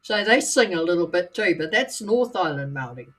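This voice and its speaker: A woman's voice: on the low side, expressive, slightly rough. Playful New Zealand woman, Scottish-tinged. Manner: playful, teasing, quick to laugh. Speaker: guest. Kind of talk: casual live-stream chat.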